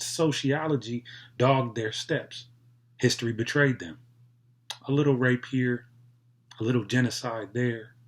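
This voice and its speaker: Man at mid pitch, reads poetry aloud, measured and deliberate, pauses between lines. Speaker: poetry reader. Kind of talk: poetry reading.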